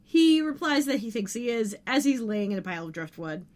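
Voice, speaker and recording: A fairly high-voiced woman co-hosting a podcast, recapping a TV episode in a chatty, casual way. She walks through scenes and breaks off for quick asides. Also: sing-song, a little mellow. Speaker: podcast co-host.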